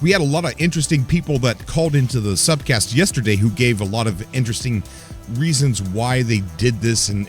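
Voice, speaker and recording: A young man hosting his own gaming channel, talking casually and cheerfully to viewers with a grin in his voice and frequent fillers. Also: medium pitch. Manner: upbeat, smiling, rambling with fillers. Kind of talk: casual solo video commentary.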